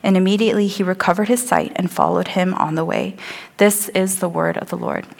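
A woman's voice: on the low side, steady tone, fairly quick, gravelly. A woman preaching a sermon, telling the scripture scene vividly and acting out the voices of the crowd. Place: church sanctuary. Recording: long hall reverb.

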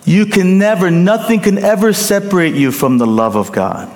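A man preaching a sermon as pastor, emphatic, rising to loud peaks and dropping to hushed endings, often checking in with the congregation. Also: high-pitched, lively intonation, moderate pace. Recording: long hall reverb.

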